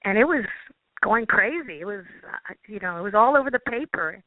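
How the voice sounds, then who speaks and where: A woman guest, a quantum healing practitioner, telling a personal story in an earnest, halting way, often restarting her phrases. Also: medium pitch, lively intonation, no room sound. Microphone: phone or call line. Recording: tinny dry phone line.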